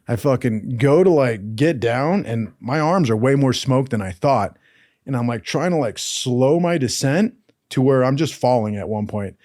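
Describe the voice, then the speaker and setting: A man's voice: medium pitch, lively intonation, normal speed, darkish tone, no room sound, studio quality. Profane man telling rambling stories. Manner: profane, rambling anecdotes with acted quotes. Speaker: storyteller. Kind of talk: casual storytelling.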